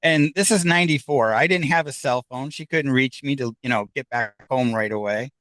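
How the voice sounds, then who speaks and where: A man's voice: mid-range voice, fairly quick, a bit bright, dry recording. A man telling a personal story in casual conversation, acting out the voices of the people in it. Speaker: guest.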